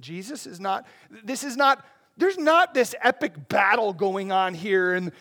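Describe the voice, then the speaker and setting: A pastor preaching an expository sermon in a conversational, animated way, with frequent asides to the congregation. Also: male voice, sits high, unhurried.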